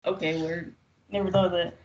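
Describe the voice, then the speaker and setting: A young adult podcast guest chatting casually, telling stories in a relaxed way with many fillers. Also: medium pitch, a little fast, lo-fi sound. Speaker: podcast guest, jiu-jitsu practitioner.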